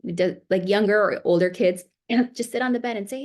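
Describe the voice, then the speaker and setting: A woman's voice: mid-range voice, moderate pace, hardly any pauses. A woman family therapist giving a seminar talk to parents, conversational and coaching, with an American accent. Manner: conversational, warm coaching with acted parent quotes.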